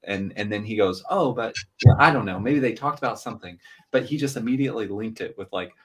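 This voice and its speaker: A man's voice: on the low side, brisk, noisy background. A father on a streamed podcast, telling a family story in a loose, rambling way full of fillers. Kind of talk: casual chat while streaming.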